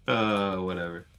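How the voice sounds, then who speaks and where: Deep and a bit bright, this man's voice carries casual commentary on his online poker game during a live stream. He's chatty, saying hello to viewers as he plays.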